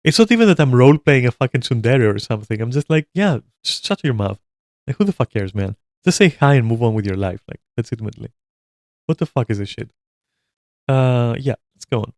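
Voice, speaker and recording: A man's voice: medium pitch, expressive, quick pace, a little mellow, no room sound, clean studio sound. A man streaming a reaction, giving blunt opinions in a rambling casual rant full of swearing.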